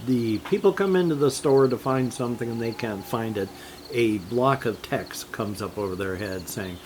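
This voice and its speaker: An older man talking in a slow, rambling, casual monologue about games, drifting from topic to topic and chuckling now and then. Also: medium pitch, darkish tone, slight background noise. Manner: slow, meandering, jumps between topics with chuckles. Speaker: gaming vlogger.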